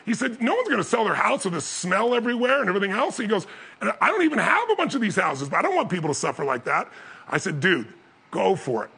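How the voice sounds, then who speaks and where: A man telling a story as a motivational speaker, acting out the other people's voices and building up to loud peaks. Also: sits high, big pitch swings, quick pace, creaky, breathy edge. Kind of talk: storytelling talk.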